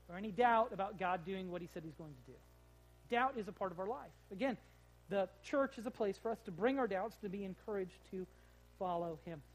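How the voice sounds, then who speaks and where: A man's voice: high voice, poor audio. A man preaching a sermon as pastor, plain-spoken and conversational, full of rhetorical questions. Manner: plain-spoken, with casual fillers.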